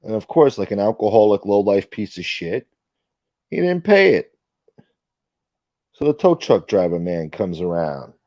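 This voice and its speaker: Hosting a casual livestream, a man reads out viewer chat and spins profane, meandering stories, voicing the friends he quotes. His voice sits on the low side, mellow and sing-song, a little slow with frequent pauses. The audio is dull, with no echo.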